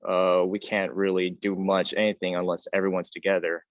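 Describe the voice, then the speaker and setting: A young man in his late teens, a high school student band leader, speaking hesitantly on an online panel, losing his train of thought and getting emotional. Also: flat delivery, moderate pace, no room sound. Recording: dull, dry lo-fi audio.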